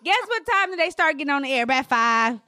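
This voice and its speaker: A woman in her thirties telling a personal story to her viewers in a casual, animated way, with big swings in her voice for emphasis. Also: fast, dry recording, clean studio sound. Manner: animated, expressive, swings pitch widely for emphasis.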